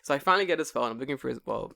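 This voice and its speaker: Animated young man telling stories. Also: medium pitch, rapid-fire, vocal fry. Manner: animated storyteller, swears freely, acts out quoted voices. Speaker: podcast co-host. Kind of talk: casual chat.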